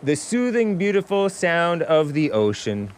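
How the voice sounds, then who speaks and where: A man's voice: on the high side, big pitch swings, a little slow, clean tone. A man hosting his own talk show, chatting casually in a rambling, musing way with offhand asides. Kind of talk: casual livestream monologue.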